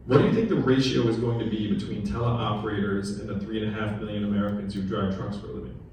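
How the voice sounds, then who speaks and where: A man's voice: fairly low pitch, fast talker, a little mellow, slight background noise. Male political candidate, conversational stump speech, quizzes the audience, distant mic in a very reverberant hall. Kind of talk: town hall campaign speech. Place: large echoey room at a political gathering. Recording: very echoey room recorded from afar.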